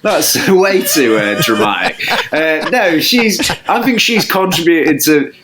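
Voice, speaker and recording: A man's voice: on the high side, expressive, slow, a crowd in the background. A man, a podcast guest chatting casually, rambling and self-deprecating with many restarts. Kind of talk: casual chat.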